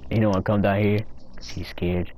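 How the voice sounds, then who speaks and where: A man giving rowdy, profane commentary while playing a game, often breaking into loud high-pitched yells. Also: level tone, fairly quick, a little hiss or hum. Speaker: gamer recording his play. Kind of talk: casual gaming commentary.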